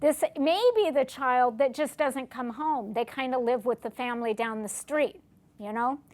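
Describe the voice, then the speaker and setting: Woman lecturer, high voice, questioning. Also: fairly even intonation, normal speed, a little mellow. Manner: asks the audience questions, acts out short dialogues. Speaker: lecturer on family recovery. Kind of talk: classroom lecture.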